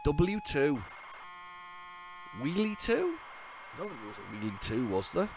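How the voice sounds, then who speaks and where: Here the stuffy-nosed retro gaming host has a fairly high, gravelly voice that swoops wildly in pitch, though his pace stays measured. The background is noisy, and his chatty commentary keeps restarting and doubling back on words.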